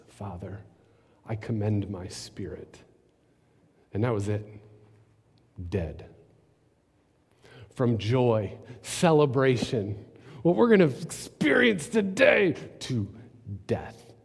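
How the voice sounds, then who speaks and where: A man preaching a sermon, telling the story with dramatic drops to quiet, almost whispered lines. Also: mid-range voice. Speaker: pastor. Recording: long reverb in a large hall.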